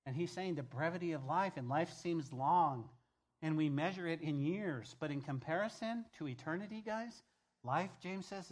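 A man's voice: fairly high pitch, normal speed. Emphatic male pastor preaching. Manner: emphatic, repeats key phrases, swings between loud and hushed. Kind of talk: sermon.

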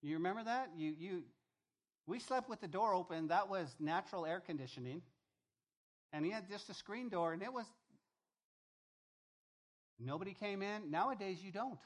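A man's voice: high-pitched, lively intonation, normal speed, pauses often. An older man preaching a sermon, reading scripture aloud and breaking off into conversational asides and stories for his congregation. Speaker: pastor.

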